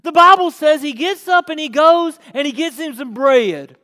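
High-pitched slow preacher in a reverberant hall. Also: male voice. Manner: animated, acts out dialogue, rhetorical questions. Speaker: pastor. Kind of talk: sermon. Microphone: filmed on camera.

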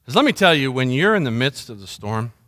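A man's voice: medium pitch, very animated, a little fast, fairly bright tone. A middle-aged man preaching a sermon as pastor, conversational and full of storytelling. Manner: conversational storytelling, mimics sounds.

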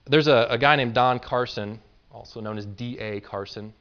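A man's voice: mid-range voice, normal speed, a bit bright, clear, resonant tone, lo-fi sound. A man pastoring a church, preaching a conversational sermon in an earnest, informal way and often repeating words as he builds a point.

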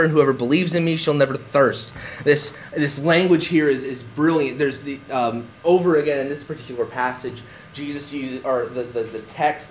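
A man's voice: a little high, fairly bright tone, slight background noise. A man preaching a sermon, emphatic and repeating words for stress. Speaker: pastor.

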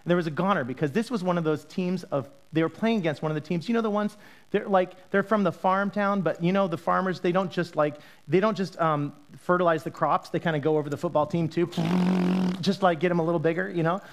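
Middle-aged man from Utah, pastor, chatty storytelling sermon, slightly high voice. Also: fast talker. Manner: conversational, animated storytelling with fillers.

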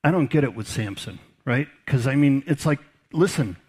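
A man's voice: medium pitch, expressive, moderate pace, darkish tone, husky. A man preaching a sermon as pastor, conversational, repeating words and dropping folksy asides.

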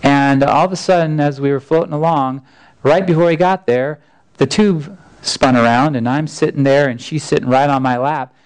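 Pastor, male, 30s; folksy storytelling sermon delivery, smooth, resonant voice. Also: a little high, steady tone, normal speed, rough recording. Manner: earnest, folksy, with frequent restarts.

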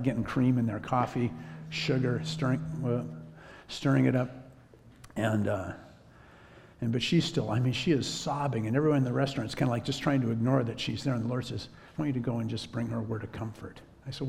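A man preaching a sermon as a story, in a relaxed conversational way. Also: mid-range voice, creaky, long reverb tail. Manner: conversational, drops to a whisper when quoting himself.

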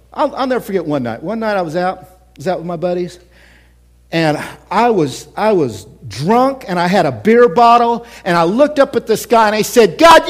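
High-pitched impassioned male preacher. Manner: impassioned preaching, swinging from shouts to hushed whispers. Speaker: pastor. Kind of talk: sermon. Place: church.

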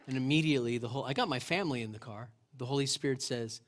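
A middle-aged male pastor giving a sermon in a church, retelling scripture as lively storytelling and asking the congregation questions. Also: mid-range voice, quick pace, few pauses. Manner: conversational, asks the congregation questions. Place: church sanctuary.

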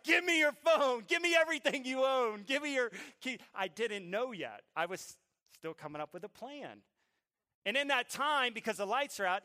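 Middle-aged preacher guy, high bright voice, goes quiet then shouts it out slow. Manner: swings from hushed storytelling to shouted preaching; drawn-out emphatic phrasing at peaks. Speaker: pastor. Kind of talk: sermon storytelling.

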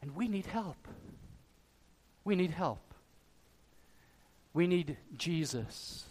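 A male pastor delivers a sermon in a slightly high voice. He pushes loudly on his main points, then drops low and soft. The long reverb of a large hall trails behind every phrase. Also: a little slow. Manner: emphatic preaching, swinging between loud stresses and quiet drops.

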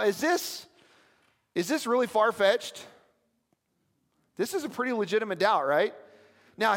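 Male pastor, high voice, conversational sermon, long hall echo. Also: a bit bright. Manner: storytelling, conversational with audience asides. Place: church.

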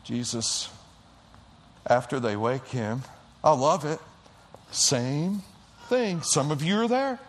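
A middle-aged man preaching in a church, his high voice leaping all over its range. He tells stories dramatically, dropping to near-whispers and then shouting, and he takes his time. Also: lively intonation, slow, pauses often, slight background noise. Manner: dramatic storytelling, acting out quotes, swings from hushed to shouting. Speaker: pastor. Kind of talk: sermon. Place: church auditorium.

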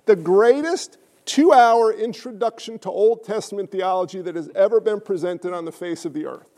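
Man, pastor, sermon, very high-pitched, emphatic, rhetorical questions, hushed asides. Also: normal speed. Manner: swings between loud stresses and hushed asides.

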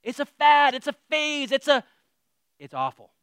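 Lively high-voiced man preaching casually. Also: normal speed, no echo, studio quality. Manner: animated, self-deprecating asides, trails off to near-mutters. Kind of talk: casual, humorous sermon.

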